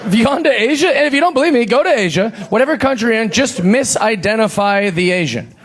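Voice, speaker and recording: A man doing stand-up style storytelling, profane and animated, acting out the people in his stories. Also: extremely high pitch, quick pace, a little hiss or hum. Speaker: comedian guest.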